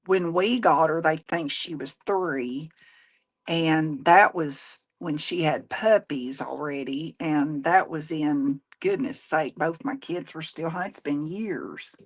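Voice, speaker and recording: A woman's voice: low voice, slow pace. A woman, chatting casually and folksily while she crafts, rambling and laughing often. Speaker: craft show host; nurse.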